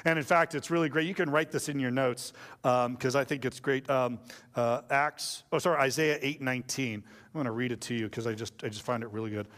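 A man's voice: mid-range voice, steady tone, brisk, fairly bright tone, big-room sound. A male pastor preaching a sermon in a casual, joking storytelling way.

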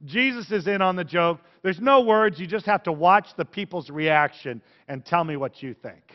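A man, a pastor, giving a casual, excitable sermon with lots of fillers while commenting on pictures and a video. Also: high-pitched, moderate pace. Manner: chatty and excitable, many fillers like "like". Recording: long reverb, dull lo-fi sound.

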